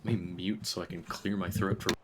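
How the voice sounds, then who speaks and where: A man's voice: low voice, steady tone, brisk, noisy background. A man chatting casually on a game stream, rambling between puzzles and laughing often. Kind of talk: casual gaming stream chat.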